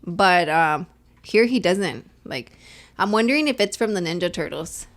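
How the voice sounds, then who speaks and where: A young woman co-hosting a podcast in casual chat, telling animated family stories and switching between English and Spanish. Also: lowish voice, normal speed. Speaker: podcast co-host.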